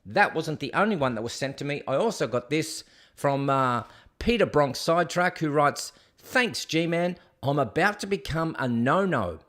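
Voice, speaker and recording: A man's voice: a little high, expressive, normal speed, a bit bright. A middle-aged man with an Australian accent hosting a casual solo livestream, chatty and jokey as he rambles and reads viewer comments aloud. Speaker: host.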